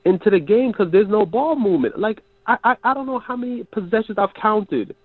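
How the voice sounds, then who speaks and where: A regular co-host calls in by phone to vent in casual sports talk, his voice sick, stuffy and nasal. Frustrated, he rambles through his analysis with many restarts, speaking fairly quickly with a high-sitting voice and lively intonation over a dry, tinny phone line with no room sound.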